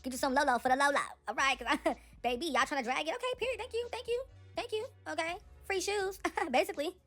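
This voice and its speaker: A young woman giving casual, animated celebrity gossip commentary, talking straight to her viewers. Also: sits high, quick pace, soft background music.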